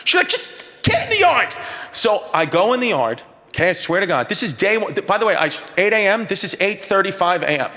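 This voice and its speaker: A man performing live stand-up storytelling on a concert hall stage, animated and escalating, acting out the people in his story. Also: sits high, fast. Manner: animated, escalating, acts out voices. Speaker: stand-up comedian.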